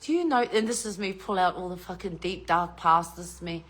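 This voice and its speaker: A middle-aged Australian woman chats to her viewers from home, spinning a family story with plenty of swearing. Her voice is bright and sharp, and she keeps the tale rolling in an easy, casual way. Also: on the low side, a little fast. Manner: chatty, swears freely. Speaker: vlogger.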